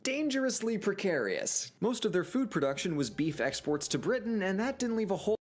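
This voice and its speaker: A woman narrating a history video script with sarcastic, deadpan asides. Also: medium pitch, fairly quick.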